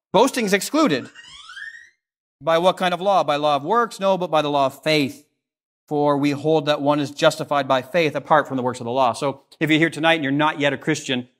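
Earnest Canadian man preaching a sermon. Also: fairly quick. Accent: Canadian English. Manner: earnest preaching, rising on questions and dropping low and soft on solemn lines. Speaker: pastor. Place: church sanctuary.

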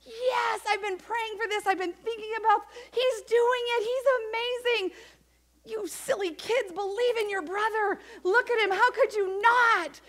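A woman speaking as Mary, an eager and proud middle-aged mother, in an excited, insistent motherly voice. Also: very high voice, a little slow, voice pushed up.

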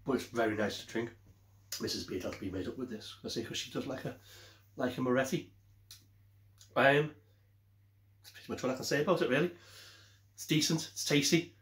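On a beer vlog, a man with a lowish, slightly bright voice rambles through a casual review, chatty and constantly correcting himself. The room he's recording in is echoey.

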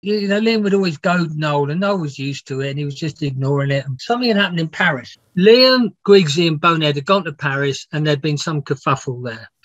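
A man's voice: a little high, fairly quick, hardly any pauses, a bit bright, no echo. A man, a music biographer, telling rambling, laughing anecdotes with some swearing in a casual interview. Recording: dull, dry lo-fi sound.

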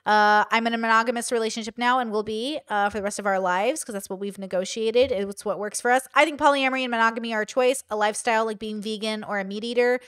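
A woman's voice: a little high, steady tone, fast talker, few pauses, fairly bright tone, clear, resonant tone, dry recording, clean studio sound. A woman streaming live, chatting casually as she reacts to a video and reads out viewer comments.

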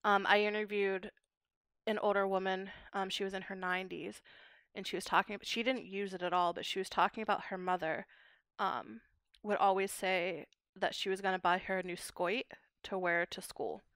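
A young adult woman, a guest linguist, explaining dialect features in measured, academic podcast talk. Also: mid-range voice, little pitch movement, fairly bright tone, clean tone, no room sound.

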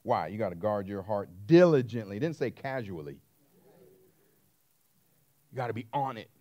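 A man preaching a sermon as pastor, emphatic, swinging between hushed asides and loud stressed words. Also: on the low side, lively intonation, normal speed.

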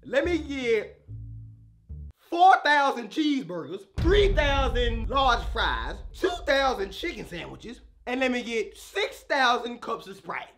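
A man doing a comedy sketch as a rude, demanding customer who bursts into shouts. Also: extremely high pitch, sing-song, slow, faint music behind.

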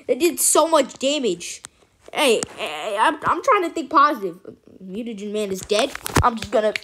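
A woman giving casual, excitable let's-play commentary as host of a gaming channel, chatty and cheering at her wins. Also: on the high side, a little slow, pauses often, slight background noise.

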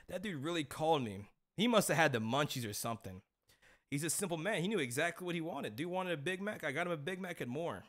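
Young man, streamer, casual slangy banter, bright, slightly high voice. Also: expressive, fast talker. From Mexican-American family. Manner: laid-back slangy banter, laughs at his own stories.

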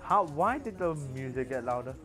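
Excitable high-voiced man streaming a game. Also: moderate pace, faint music behind. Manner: excitable, yelling and laughing, teasing other players. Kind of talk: live gameplay commentary.

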